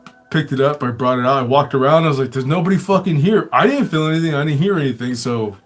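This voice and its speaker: A man's voice: mid-range voice, quick pace, a bit bright, faint music behind. Man host with a mid-range voice, loose and profane, laughs through his own stories. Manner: profane, swears constantly, chuckles often. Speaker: show host. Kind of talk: casual storytelling.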